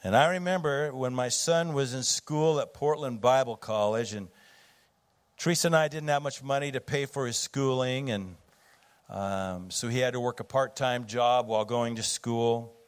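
A man's voice: medium pitch, moderate pace, smooth. Middle-aged guy preaching, chatty storytelling, lots of ums and restarts. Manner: conversational storytelling with fillers and restarts. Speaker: pastor. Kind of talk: sermon.

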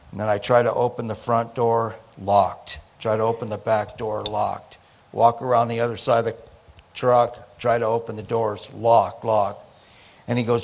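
A preacher reading scripture and telling a personal story, acting out the dialogue. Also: male voice, lowish voice, moderate pace, gravelly. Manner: animated, acts out the dialogue in his story. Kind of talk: sermon storytelling.

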